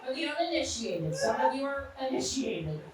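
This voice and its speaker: A woman's voice: sits high, sing-song, normal speed, very echoey, recorded from a distance, heavy background noise. A woman in her thirties performing a brash, punchy stand-up set in a live comedy club. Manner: brash, punchy storytelling with crude jokes.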